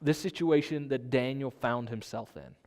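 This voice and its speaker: A man's voice: mid-range voice, moderate pace, a little mellow, long reverb tail. A man preaching a sermon in a conversational way, asking his listeners rhetorical questions. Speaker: pastor.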